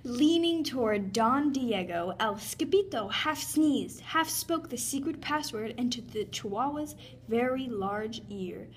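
A woman reading a children's picture book aloud with expressive storytelling. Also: fairly high pitch, unhurried, hardly any pauses, slight background noise. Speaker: reader.

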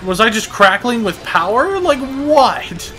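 A gameplay commentator talking casually over a video game, excitable and sarcastic, often breaking into laughter. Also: mid-range voice, unhurried, over music. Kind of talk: casual let's-play commentary.

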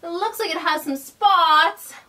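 A woman co-hosting a toddler learning video, talking very slowly and cheerfully to little children. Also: very high-pitched, sharp tone. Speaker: children's show co-host. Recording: distant from the mic.

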